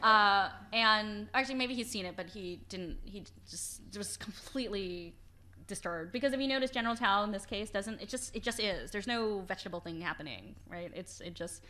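A woman author giving an informal lecture with slides, chatty and animated, laughing often and restarting her sentences. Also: mid-range voice, normal speed. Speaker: author giving a book talk. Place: library event hall.

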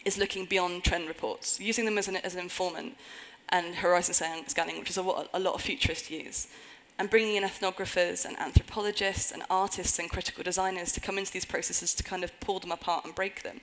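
A woman's voice: on the low side, steady tone, quick pace, few pauses, a bit bright, low-quality recording. A woman giving a conference talk on a stage before an audience, earnest with wry humorous asides. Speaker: conference speaker.

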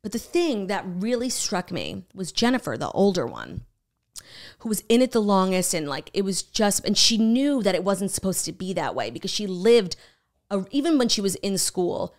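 A young adult woman co-hosting a podcast, retelling a story in casual chat, animated and swearing freely, with many "like"s. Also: medium pitch, moderate pace. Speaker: podcast co-host.

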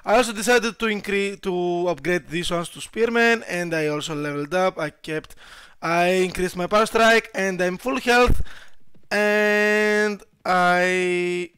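A young man giving casual gameplay commentary, excitable, swearing and shouting at his troops and laughing at himself. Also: high voice, clear, resonant tone, dry recording, studio quality. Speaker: gaming YouTuber.

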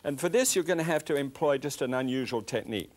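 A man's voice: mid-range voice, animated, fast talker. An older man, demonstrating a recipe in a chatty, enthusiastic way as a cooking show host.

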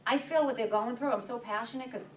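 Woman, fast-paced, animated storyteller, roomy hall sound, heard from a distance. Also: fairly high pitch, a little hiss or hum. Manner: animated, acts out quoted dialogue. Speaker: bakery owner and guest speaker. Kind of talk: storytelling talk with audience questions. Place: meeting room at a breakfast event.

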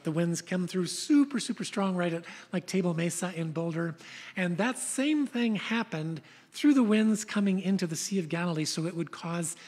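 An older woman pastor preaching a sermon, telling stories in an animated way. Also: lowish voice, breathy edge, in a large hall. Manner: storytelling, animated retelling of scenes.

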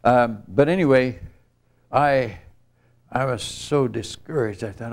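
A man's voice: mid-range voice, slow, vocal fry, pauses often. Older man telling a mission story. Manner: earnest, rambling storytelling with many restarts. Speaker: missionary speaker. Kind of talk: storytelling sermon at a church retreat. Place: church retreat camp gathering.

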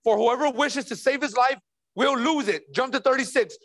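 A man's voice: very high-pitched, moderate pace, fairly bright tone. A man preaching a sermon as pastor, emphatic and repeating key phrases while speaking straight to the congregation.

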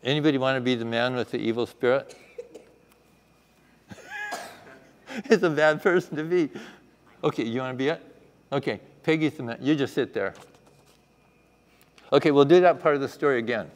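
A man's voice: mid-range voice, a little fast, long pauses, slight background noise. A man teaching a children's Bible lesson in a chapel, asking the room questions and acting out the story. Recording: echoey hall.

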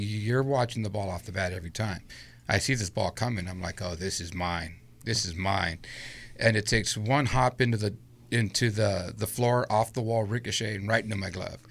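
A middle-aged man speaks at normal speed in a fairly low voice with vocal fry. As a guest in a casual interview, he tells a long personal story with animation, acting out what people said.

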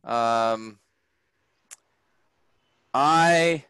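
A man teaching a grammar lesson to a group, slow and patient, often checking that the class follows. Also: medium pitch, a bit bright, clean tone, no room sound. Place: workshop room.

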